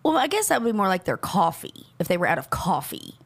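A middle-aged woman co-hosting a podcast, ranting in animated casual chat and laughing often. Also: mid-range voice, fast talker, vocal fry. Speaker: podcast co-host.

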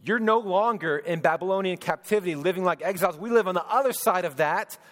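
A man preaching a sermon as pastor, swinging between loud proclaiming and hushed, tender speech. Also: sits high, fast talker. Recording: long hall reverb.

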